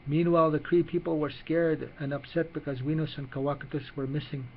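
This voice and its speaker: A man narrating a children's story in an unhurried way, with small restarts as he reads. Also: fairly high pitch, flat delivery, dull audio, slight background noise.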